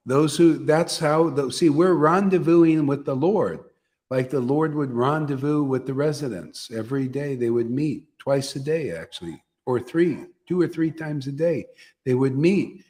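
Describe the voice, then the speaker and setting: A man's voice: medium pitch, a little mellow. A man teaching a devotional gathering, repeating phrases and often asking "see?". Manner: repetitive, emphatic, asks listeners "see?". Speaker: spiritual teacher leading satsang.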